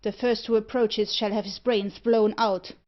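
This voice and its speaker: A stuffy old merchant, quick to fright and quicker to scold, read by a woman. The storybook reading comes across muffled and lo-fi, at a middling pitch. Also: fairly even intonation, lightly acted. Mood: alarmed. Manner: indignant and stiff. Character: frightened pompous old male iron merchant. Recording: muffled lo-fi audiobook recording.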